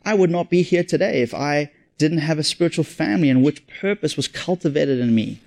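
A man's voice: a little high, fairly quick, vocal fry, darkish tone. A man with a South African accent preaching a sermon in an earnest, conversational way, often repeating and restarting his phrases. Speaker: pastor.

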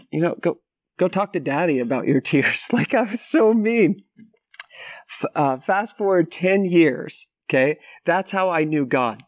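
A man's voice: fairly high pitch, darkish tone, no room sound, clean studio sound. A man in his thirties preaching a sermon as a guest speaker, telling a personal story with acted-out voices and sound effects. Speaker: guest pastor.

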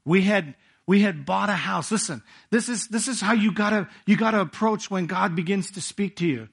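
A middle-aged man delivers a sermon as a personal story, speaking to his congregation in a conversational way. His voice sits a little on the high side for a man, and he tells the story with asides to the listeners. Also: normal speed, creaky, husky. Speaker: pastor. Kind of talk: sermon testimony.

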